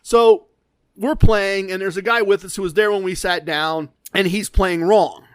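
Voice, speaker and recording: A man hosting a podcast, telling a story in a casual, animated way, often stammering and acting out what others said. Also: sits high, normal speed, clear, resonant tone, no room sound, clean studio sound. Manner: animated, quotes others in voices, stammers when excited. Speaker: podcast host.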